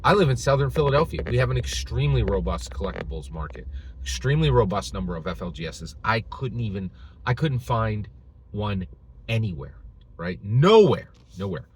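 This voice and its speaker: A man's voice: on the low side, expressive, fairly quick, slight background noise, rough recording. A man reviewing games in an opinionated video rant, emphatic and repetitive, often tagging "right?" onto his points. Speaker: game reviewer.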